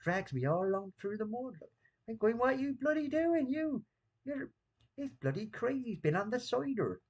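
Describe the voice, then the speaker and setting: A man's voice: very high voice, sing-song, moderate pace, darkish tone, slightly rough, lo-fi sound, voice pushed up, full character voice. A man voicing a grumbling old West Country farmer in a put-on Bristol accent, rambling and indignant.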